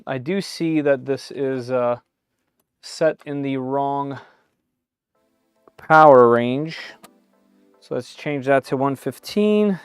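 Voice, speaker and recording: A man's voice: mid-range voice, smooth, no room sound. A man giving live-stream commentary while unboxing a machine in his home workshop, thinking aloud with frequent "uh"s and small restarts.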